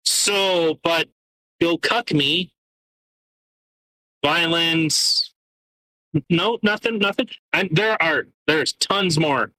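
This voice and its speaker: A man's voice: fairly high pitch, takes it slowly, bright, forceful tone, rough recording. A man co-hosting a casual podcast, ranting sarcastically, swearing often and stumbling as he reads out documents. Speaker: podcast co-host.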